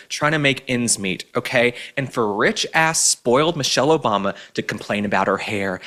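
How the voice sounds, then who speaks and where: A man's voice: medium pitch, a bit bright. A man hosting a political commentary show, ranting in a sarcastic, emphatic, mocking way.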